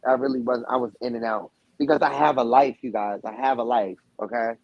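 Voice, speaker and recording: A man's voice: mid-range voice, steady tone, fairly quick, no room sound, dull audio. A man with a Boston accent talking casually as a guest, rambling with lots of swearing and restarts. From Boston area. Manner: loose, rambling, heavy swearing, many restarts. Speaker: guest, former reality show cast member. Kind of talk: casual profane chat.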